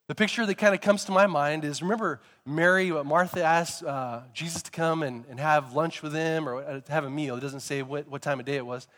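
A man preaching a sermon, telling stories in a lively way and sometimes rising to emphatic shouts. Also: fairly high pitch, big-room sound. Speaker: pastor.

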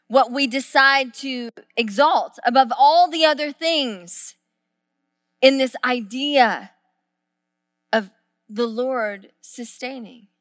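A woman pastor, preaching a sermon and telling a story, moving from hushed, intimate lines to loud, excited shouts. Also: sits high, no echo, studio quality.

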